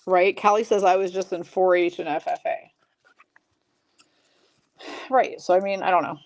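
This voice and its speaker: A woman's voice: on the low side, fairly even intonation. A woman hosting a live card break stream, chatty and self-mocking. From Michigan. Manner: chatty, self-mocking, rattling off names quickly.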